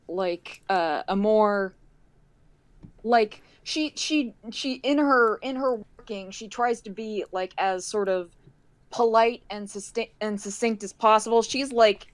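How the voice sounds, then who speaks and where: A woman playing a tabletop role-playing game over a call, explaining her character haltingly, with many restarts. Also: medium pitch, clean tone, rough recording. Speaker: player.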